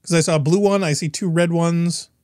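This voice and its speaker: Curious man with a slightly high voice. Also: fairly even intonation, fairly quick, darkish tone, dry recording, clean studio sound. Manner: curious, asks lots of questions. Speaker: co-host reading chat. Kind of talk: casual let's-play chat.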